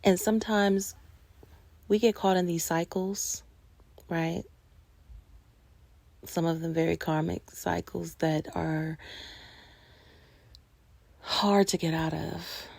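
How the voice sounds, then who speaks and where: Woman host, low gravelly voice, earnest and passionate, shifts between firm and hushed. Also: no room sound. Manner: earnest, passionate, slows to a hush at times. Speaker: host of a personal growth talk. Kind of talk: reflective monologue on healing.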